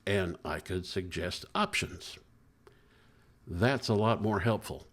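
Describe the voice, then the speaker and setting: A man's voice: lowish voice, moderate pace. A middle-aged man, a therapist, giving relationship advice to the camera and acting out everyday conversations. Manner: animated, acts out quoted dialogue.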